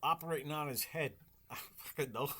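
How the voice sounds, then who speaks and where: A man's voice: a little high, moderate pace, a crowd in the background. A man from Rhode Island co-hosting a podcast, talking bluntly and casually, swearing freely and teasing his friends. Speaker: podcast co-host. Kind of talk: casual chat.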